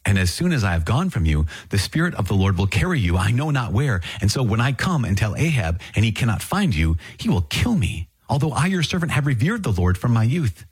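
A man's voice: fairly low pitch, very animated, a little fast, hardly any pauses, breathy edge, no echo, voice pushed up, heavily acted. A man reading a fearful royal servant's pleading lines, his voice rising anxiously. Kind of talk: scripture reading.

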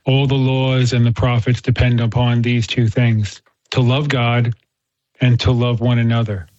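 A man's voice: mid-range voice, little pitch movement, measured pace, darkish tone. A Catholic man in casual conversation, earnestly explaining faith through a story, in a dull, muffled recording.

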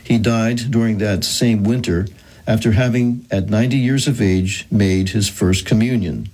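A man narrating a historical account in a measured, solemn reading. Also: lowish voice, steady tone, a little mellow.

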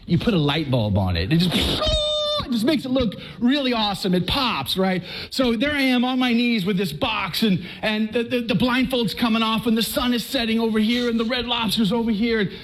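A man from Texas giving a personal faith testimony to a live audience, telling his story in an animated, conversational way and often restarting his words. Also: very high voice, moderate pace, low-quality recording.

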